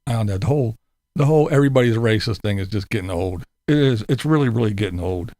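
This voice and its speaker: A man's voice: fairly low pitch, animated, fast, a little mellow, dry recording. A man chatting casually with his online viewers, laughing through most sentences and swearing while he mocks. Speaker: livestream host answering chat. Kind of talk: casual commentary chat.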